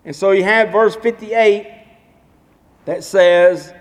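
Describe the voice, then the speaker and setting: A pastor with a high male voice preaches a sermon in a church, taking his time. He's emphatic and repetitive, telling stories and hammering his points home, and the recording carries a long hall reverb.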